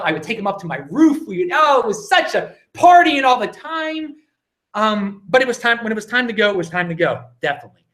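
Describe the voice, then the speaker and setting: Excitable home livestream host, man in his thirties from Baltimore, a bit high-pitched, rambling Q&A. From Baltimore, USA. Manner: rambling and excitable, lots of restarts. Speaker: livestream host answering viewer questions. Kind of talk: casual live Q&A monologue. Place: home, indoors.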